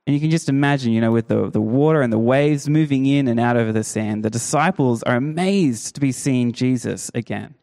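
A man preaching a sermon, telling the story with lively, acted-out quotes. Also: mid-range voice, fairly quick, hardly any pauses. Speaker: pastor.

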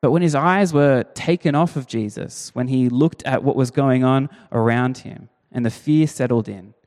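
A man preaching in a relaxed, conversational way, leaning on emphasis and throwing rhetorical questions at his listeners. His mid-pitched voice rings out with a long reverb that trails through a large hall. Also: moderate pace. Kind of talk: sermon.

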